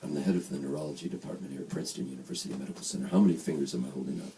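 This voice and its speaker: A man voicing a formal head neurologist speaking calmly to a patient, live on stage. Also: very deep voice, rapid-fire, voice pushed down. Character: calm formal woman neurologist, head of department. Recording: distant mic, faint room noise.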